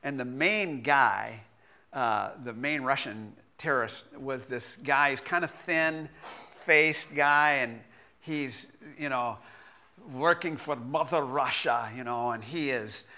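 A man's voice: mid-range voice, pushed and bright. A middle-aged man preaching a sermon as pastor, self-deprecating, with laughter and frequent restarts.

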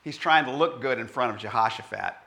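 Bright-voiced animated male preacher. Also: medium pitch, brisk, gravelly. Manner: animated, conversational, puts on voices. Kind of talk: sermon with scripture reading.

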